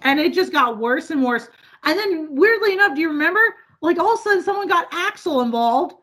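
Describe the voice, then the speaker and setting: A woman from the northern US, chatting casually as a podcast co-host, loud, laughing often and swearing freely. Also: extremely high pitch, animated, brisk. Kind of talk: casual chat.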